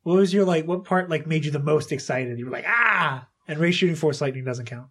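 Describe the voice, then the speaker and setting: A woman's voice: low-pitched, fast, darkish tone, slightly rough. A woman hosting a podcast in casual chat, chatty, laughing often and restarting her sentences. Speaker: podcast host. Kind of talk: casual chat interviewing a child guest.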